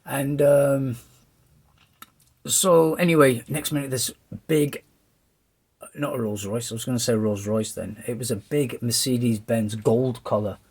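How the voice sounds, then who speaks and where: Unhurried, with long pauses and a breathy edge, a medium-pitched middle-aged man from England delivers a rambling personal testimony in an English accent. He is a lively storyteller who brings the people in it to life by acting out their voices.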